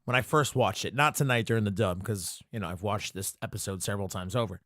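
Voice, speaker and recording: A man's voice: fairly low pitch, fast, a bit bright, no room sound, clean studio sound. A man hosting a podcast alone, talking casually through an episode recap, cursing often and joking as he rambles. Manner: profane, jokey, rambling commentary. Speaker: podcast host.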